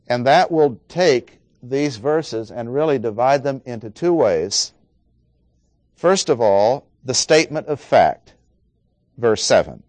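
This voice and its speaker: A man preaching an expository sermon, working through verses and stressing key words with slow, dramatic pauses. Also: medium pitch, lively intonation, a little mellow, no room sound.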